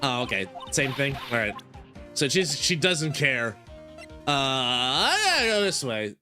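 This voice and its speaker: A man's voice: mid-range voice, big pitch swings, unhurried, music in the background. Playful rambling man streamer. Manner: playful and rambling, jokes with viewers. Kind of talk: casual game playthrough with read-aloud.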